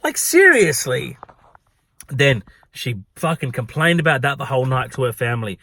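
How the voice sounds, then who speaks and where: An Australian man who works at a pub, telling a story in a profane, gossipy, animated way. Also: medium pitch, normal speed, slight background noise. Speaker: pub worker. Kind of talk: storytelling vlog.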